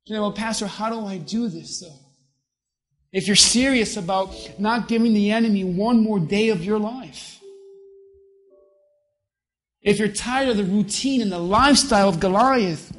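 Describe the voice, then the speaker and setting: A pastor preaching a sermon with emphasis, slowing down to stress key words. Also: medium pitch.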